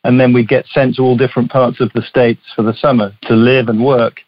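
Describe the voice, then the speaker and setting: A man's voice: medium pitch, level tone, brisk, dry recording, dull audio. English man telling his story. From southeast England. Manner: chatty storyteller with small restarts. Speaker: guest, company CEO. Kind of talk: casual interview chat.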